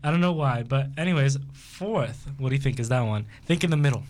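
A man's voice: mid-range voice, lively intonation, a little fast, a little mellow. Laughing young man hosting a quiz. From Long Island. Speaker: host. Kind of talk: casual group chat, quiz on accents.

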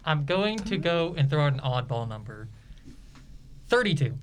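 Man, somewhat high, teasing, faint background noise. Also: very animated, normal speed. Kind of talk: casual group chat.

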